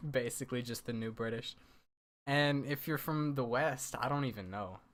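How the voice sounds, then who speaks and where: A man's voice: mid-range voice, animated, measured pace, a bit bright. An American man hosting a casual round-table chat, rambling and laughing often. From United States. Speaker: podcast host.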